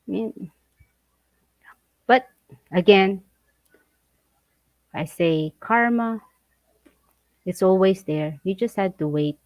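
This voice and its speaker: A woman chatting casually as a vlog co-host, animated and laughing as she reads viewer comments and acts out quoted voices. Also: medium pitch, slow, long pauses, dry recording, poor audio.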